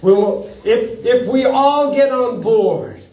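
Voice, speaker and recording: A man preaching a sermon as a pastor, animated, chuckling often and breaking up his sentences with uh and repeats. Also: very high voice, slow, a crowd in the background. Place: church hall. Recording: echoey hall, from far off.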